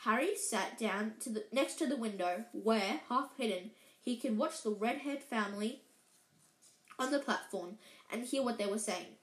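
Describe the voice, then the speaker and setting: Woman reading a story aloud; somewhat high voice, stumbles and self-corrects, roomy echo. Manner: halting, with slips and self-corrections. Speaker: reader. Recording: echoey room.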